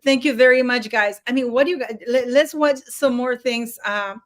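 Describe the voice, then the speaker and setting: Woman streamer, casual rambling host, slightly high voice, lots of fillers. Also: moderate pace. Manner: rambling, many fillers and restarts, frequent laughter. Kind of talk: casual live stream chat.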